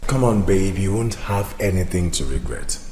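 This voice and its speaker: A deep-voiced soothing boyfriend. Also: male voice, lively intonation, normal speed, darkish tone, a little hiss or hum. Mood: reassuring. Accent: Nigerian. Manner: soothing, reassuring. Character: soothing young boyfriend, calm, placating. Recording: echoey room with long reverb. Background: music.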